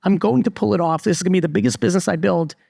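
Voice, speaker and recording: A middle-aged man speaking to a live crowd, blunt and emphatic, leaning hard on his points. His voice sits high with a gravelly edge, and the sound is close and dry. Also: racing, dark tone, no echo. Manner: blunt, emphatic, repeats "literally". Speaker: entrepreneur and guest speaker. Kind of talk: live stage talk to an audience. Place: resort event stage before a live audience.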